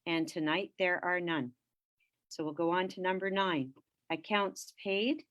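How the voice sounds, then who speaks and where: A woman with a lowish voice chairs a municipal council meeting, moving briskly through motions and votes. She speaks into a video-call mic, keeping the procedure steady and businesslike.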